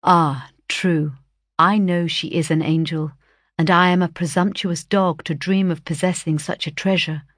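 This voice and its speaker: A smooth-talking young gentleman lays on the flattery and pleads his case, read by a woman. The voice sits low and dry, eager and overflowing with compliments. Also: moderate pace, no echo, close to an everyday voice. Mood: effusive. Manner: effusive, pleading.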